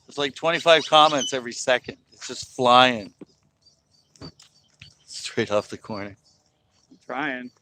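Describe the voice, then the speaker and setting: A man's voice: medium pitch, measured pace, long pauses, a little hiss or hum. Chatty man livestreaming from a lake. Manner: relaxed, laughs often, chatty. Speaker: fishing livestream host. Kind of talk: casual chat while fishing. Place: outdoors at a lake. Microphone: phone camera.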